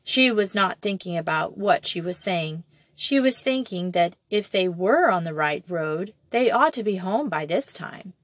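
Slow, measured woman reading a storybook. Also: fairly low pitch, expressive, dry recording. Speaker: audiobook narrator. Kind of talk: reading a children's novel aloud.

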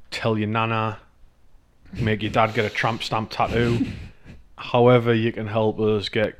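A man's voice: lowish voice, clear, resonant tone. A man from northeast England with a northeast English accent, co-hosting a podcast in casual chat, rambling, swearing and laughing often. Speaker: podcast co-host.

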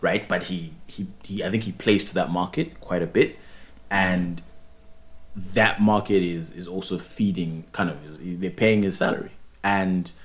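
A young man co-hosting a podcast, chatting in an animated, opinionated way with many restarts. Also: low voice, a little slow. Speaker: podcast co-host. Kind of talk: casual podcast chat.

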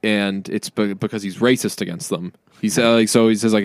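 A man's voice: lowish voice, steady tone, dry recording, studio quality. A man co-hosting a podcast in casual chat, rambling and joking, often acting out other people's lines. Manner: rambling, jokey, quick to mimic people. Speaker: podcast co-host.

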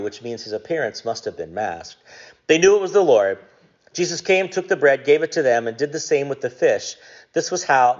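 A man preaching a conversational sermon, relaxed and jokey, with frequent ums. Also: medium pitch. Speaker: pastor. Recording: dull lo-fi recording.

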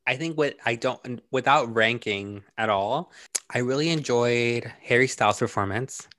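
Relaxed young man rambling on a podcast. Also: mid-range voice, a little slow, no room sound. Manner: relaxed, rambling with filler words. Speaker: podcast co-host. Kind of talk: casual chat.

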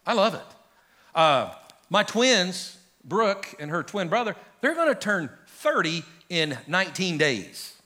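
A middle-aged man preaches to his congregation in a lively, animated way, calling out to the crowd and rising into shouts. His voice sits high for a man and has a bright, forceful edge. It is a church sermon delivered in a large sanctuary. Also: takes it slowly. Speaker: pastor.

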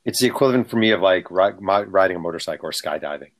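A man with a somewhat low voice spins anecdotes in relaxed talk. He is an author guest, animated, and slips into the voices of the people in his stories. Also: very fast. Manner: animated, acts out quotes. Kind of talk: casual storytelling.

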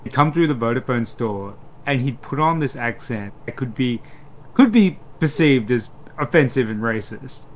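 A man's voice: medium pitch, moderate pace, a little hiss or hum, low-quality recording. Rambling man chatting. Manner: rambling, animated storyteller. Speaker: podcast co-host. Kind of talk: casual chat.

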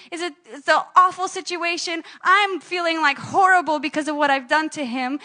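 A woman's voice: sits high, sharp tone. A woman preaching a sermon to her church, telling personal stories with animation and laughing at herself.

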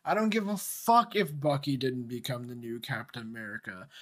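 A man's voice: mid-range voice, big pitch swings, normal speed. Laid-back young man, casual podcast chat. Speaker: podcast co-host.

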